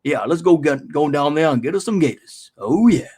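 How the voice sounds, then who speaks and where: A man's voice: a little high, lively intonation, moderate pace, warm tone, breathy edge. A man voicing an eager Southern male gator hunter who talks in a folksy drawl.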